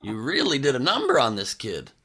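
Gravelly, tense-voiced comedian guest. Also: male voice, mid-range voice, brisk. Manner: deadpan, rambling, self-promoting jokes. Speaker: podcast guest, stand-up comedian. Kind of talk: casual comic podcast banter.

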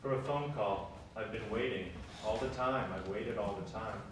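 An actor plays an apologetic man who keeps saying sorry while he waits. His voice sits a bit low. He is heard from far back in a very reverberant theater with a faint hiss. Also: moderate pace, natural voice. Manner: apologetic, repetitive. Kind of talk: stage play reading. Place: theater stage. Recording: echoey stage from far off, faint noise.

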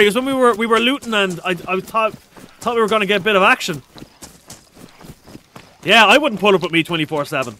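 A man live-streaming a survival game, talking fast and loose, swearing, joking and reading chat messages aloud with high energy. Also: bright, forceful tone, a little hiss or hum.

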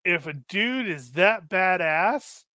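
A man's voice: sits high, expressive, takes it slowly, pushed and bright, dry recording. A man running a tabletop game session zero, chatting casually and jokingly, often trailing off while he hunts for a name. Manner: rambling, joking, trails off searching for names. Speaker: game master.

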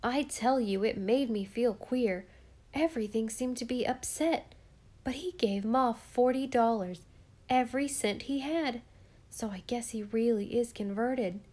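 A woman's voice: fairly high pitch, unhurried, darkish tone. A woman reading the lines of a solemn, earnest young farm boy who talks in plain rustic speech. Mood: eager.

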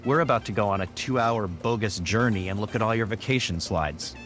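A man's voice: fairly low pitch, brisk, fairly bright tone, soft background music. A man co-hosting a math podcast, doing scripted comedy banter with a wry, teasing manner. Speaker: podcast co-host.

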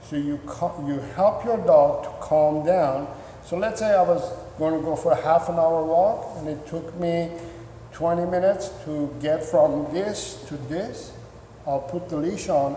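Man, dog trainer teaching owners, slightly high mellow voice, stumbles and restarts often, roomy echo. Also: a little slow, slight background noise. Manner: repeats words, restarts sentences, acts out excited owner voices. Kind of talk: instructional talk to viewers. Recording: echoey room with long reverb.

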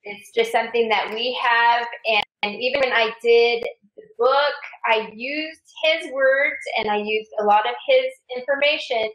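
A woman's voice: on the high side, measured pace, a bit bright, echoey room, highs cut off. A woman author being interviewed remotely, explaining her work at length in an earnest way.

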